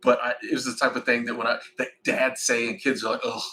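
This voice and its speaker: A man in his forties hosts a loose, chatty livestream, rambling from one thought to the next with animated bursts. His voice sits at an ordinary pitch but sounds bright and forward. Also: fast talker, rough recording. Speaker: livestream host. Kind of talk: casual livestream chat.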